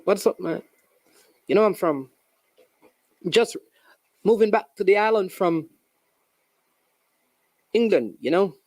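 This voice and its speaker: Host putting on returning resident, polite, easygoing, lively pitch. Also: takes it slowly, long pauses, no room sound. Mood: friendly. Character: polite man returning home from abroad.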